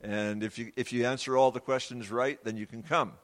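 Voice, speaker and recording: A man preaches from his own life in an earnest, confessional way. He often halts, repeats himself and pauses mid-sentence. His medium-pitched voice carries a long echo through a church hall. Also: steady tone. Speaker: preacher giving his testimony. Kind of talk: sermon testimony.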